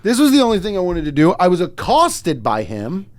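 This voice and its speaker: A man hosting a podcast, telling a story in casual comedic chat, swearing and jumping up to shouted outrage. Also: sits high, wildly swooping pitch, brisk. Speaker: podcast host.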